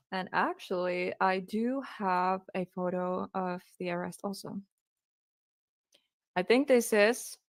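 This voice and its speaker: A woman's voice: mid-range voice, no room sound, studio quality. A woman hosting a true crime live stream, telling the case hesitantly and apologizing while holding back tears.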